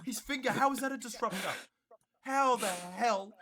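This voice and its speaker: A man co-hosting a casual sports podcast, fired up and swearing as he rants, swinging between loud and quiet. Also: very high voice, normal speed, crowd noise. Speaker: podcast co-host.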